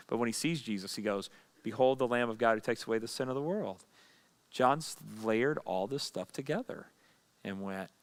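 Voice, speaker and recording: A man's voice: mid-range voice, fairly bright tone. A pastor leading a Bible study, teaching in a conversational way, asking and answering his own questions.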